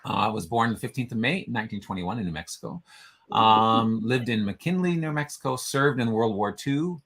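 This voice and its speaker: A male co-host with a somewhat low voice chats loosely through his notes. He rambles as he goes and stumbles on unfamiliar names, keeping the tone of an easygoing conversation. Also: moderate pace, creaky, a bit bright. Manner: chatty, stumbles over names while reading. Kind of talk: casual chat.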